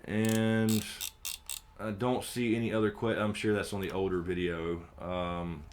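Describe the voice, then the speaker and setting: A man's voice: lowish voice, unhurried, a little hiss or hum. Southern man hosting a loose live stream. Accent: American Southern. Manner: swings between muttering and loud animated outbursts, swears freely; reads viewer questions aloud and answers them. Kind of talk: casual live stream chat.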